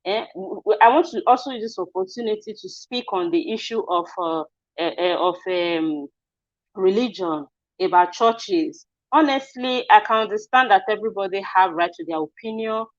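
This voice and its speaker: A woman's voice: mid-range voice, normal speed, dry recording. Earnest Nigerian woman news host. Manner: earnest, hesitant, then indignant. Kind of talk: spoken news commentary. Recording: dry, dull lo-fi audio.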